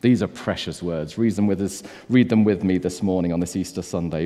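A man's voice: sits low, a little fast, few pauses, mellow, big-room sound. A man, preaching an earnest, emphatic Easter sermon to a church congregation and asking rhetorical questions. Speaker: pastor.

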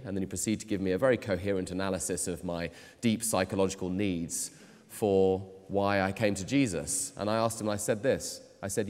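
A man's voice: lowish voice, a little fast. Emphatic male preacher in a reverberant hall. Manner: emphatic, swinging from loud to quiet. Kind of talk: sermon.

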